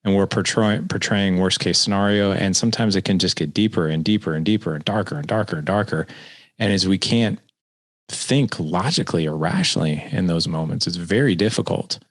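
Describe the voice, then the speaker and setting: Low-voiced podcast host, engaged. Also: male voice, a little fast, dry recording. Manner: engaged, reflective, sums up and asks follow-up questions. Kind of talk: podcast interview.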